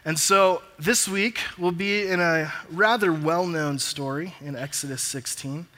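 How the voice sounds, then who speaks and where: A man preaching a sermon as pastor and reading scripture aloud with pauses. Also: fairly high pitch, sharp tone. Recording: long reverb of a large hall.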